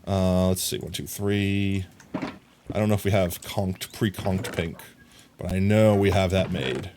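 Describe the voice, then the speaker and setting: Low-voiced man streaming, chatty and playful. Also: fairly even intonation, a little slow, noisy background. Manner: chatty, talks to chat, sings silly sound effects. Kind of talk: casual live game commentary.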